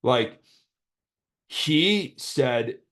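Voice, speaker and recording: Commentating casually on his card game replays, this young man recounts a dispute in a rambling, joking way and mimics people with put-on voices. His medium-pitched voice is expressive and fairly bright, with drawn-out words.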